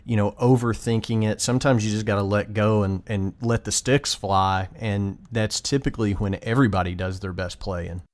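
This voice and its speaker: Lower-voiced host musing encouragingly. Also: male voice, fairly even intonation, moderate pace, few pauses. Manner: reflective, encouraging, with fillers. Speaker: podcast host. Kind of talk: casual interview chat.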